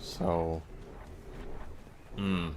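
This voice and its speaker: A man's voice: low voice, flat delivery, extremely slow. A tipsy man with hiccups, streaming a game from home, rambling and mumbling with lots of hums and sighs. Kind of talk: casual gameplay commentary. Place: at home, playing on a laptop. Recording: noisy background.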